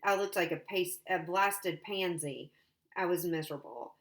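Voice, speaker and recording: A woman's voice: lowish voice, measured pace. Woman teacher reading a novel aloud.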